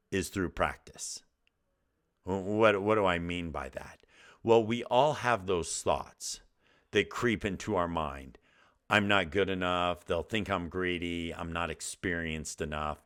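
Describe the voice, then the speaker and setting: A man's voice: deep voice, a bit bright. A middle-aged man hosting a motivational talk, telling earnest stories with frequent restarts. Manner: earnest storytelling with self-quotes and restarts. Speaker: podcast host.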